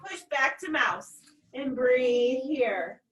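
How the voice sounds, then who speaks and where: A woman teaching a children's yoga class, giving gentle, instructive breathing cues with playful animal noises. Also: high-pitched, animated, slow, dull audio. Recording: echoey room, far from mic.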